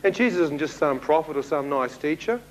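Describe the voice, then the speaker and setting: A man with a New Zealand accent preaches his own testimony in a lively, storytelling way, slipping into the voices of the people he met. His voice sits slightly on the high side. A faint hiss runs under the recording. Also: brisk, poor audio. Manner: animated storyteller who acts out dialogue, with laughs. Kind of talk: testimony sermon to a congregation.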